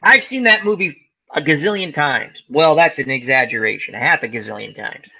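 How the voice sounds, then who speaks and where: A man's voice: a little high, a little fast, creaky, slightly rough, highs cut off. A man hosting a casual chat, telling stories animatedly and acting out the quotes. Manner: animated storyteller, acts out quotes. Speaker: host.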